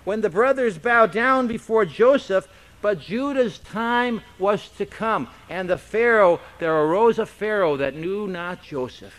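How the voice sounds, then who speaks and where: A pastor with a high, slightly bright voice delivers an expository Bible-teaching sermon in a conversational tone. He preaches in an unhurried, deliberate, animated way and keeps tossing rhetorical questions to his congregation.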